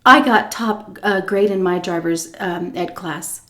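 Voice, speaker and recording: A woman voicing a tiny older woman driver, using a breathy, sweet baby-doll voice, within a casual story. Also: on the low side, a little slow, background noise, lightly acted. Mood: dismissive.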